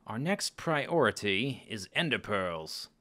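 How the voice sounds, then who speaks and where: Speaking slowly in a lowish voice, a man hosts a Let's Play, chatting casually over his own gameplay. He's animated and talkative, regularly exclaiming and laughing at the game.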